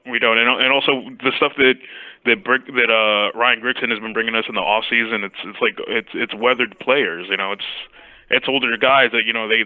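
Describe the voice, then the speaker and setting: A man's voice: medium pitch, no echo. A man calling in to a sports talk show from New York City, talking casually with stammering restarts. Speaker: caller. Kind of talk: casual phone-in chat. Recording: tinny phone line.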